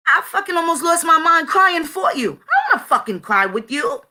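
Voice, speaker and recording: Blunt, emphatic woman with a bright voice. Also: extremely high pitch, very animated, normal speed, few pauses. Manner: emphatic, blunt, profane, conversational. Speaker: host of her own video channel. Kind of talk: casual spoken monologue.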